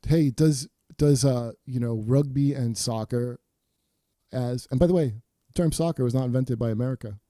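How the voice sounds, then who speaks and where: Podcast host guy, really mellow dark voice, teasing, dry close sound. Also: medium pitch, normal speed, no echo. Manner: wry, teasing banter. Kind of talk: casual chat.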